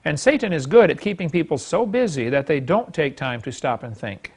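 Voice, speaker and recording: A man's voice: a little high, very animated, brisk, hardly any pauses, husky. A man teaching a Bible class to a live audience, folksy and emphatic, chuckling as he acts out quoted speech.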